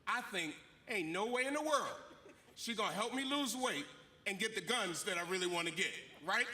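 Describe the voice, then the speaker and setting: A man in his fifties speaks at a graduation ceremony in a preacher's style, with a very high, very bright voice. He tells his stories with animation and acts out what people said. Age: 50s. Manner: animated storytelling with acted-out quotes. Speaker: commencement speaker, bishop. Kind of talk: preacher-style commencement speech.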